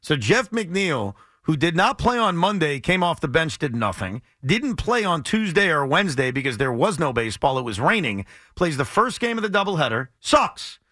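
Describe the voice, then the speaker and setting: A man's voice: on the high side, normal speed, no room sound, clean studio sound. A man co-hosting sports talk radio, talking in an exasperated, emphatic way and repeating his points. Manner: animated, exasperated, emphatic repetition.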